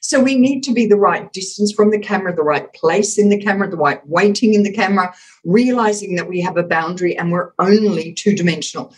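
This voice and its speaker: This woman has a mid-range voice and talks fast, heard through a rough recording. A communications expert in a podcast interview, she explains with emphasis and acts out examples of voices while speaking.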